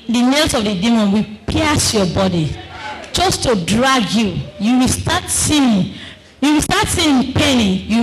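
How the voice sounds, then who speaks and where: A woman giving an emotional religious testimony. She speaks dramatically and emphatically, repeating phrases, breaking into shouts, and using non-standard English grammar. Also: on the high side, low-quality recording.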